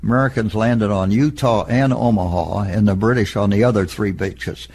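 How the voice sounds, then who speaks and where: An elderly man in an oral history interview, recalling past events in a plain, matter-of-fact storytelling way with a husky voice. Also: fairly low pitch, darkish tone. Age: older. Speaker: interviewee, veteran.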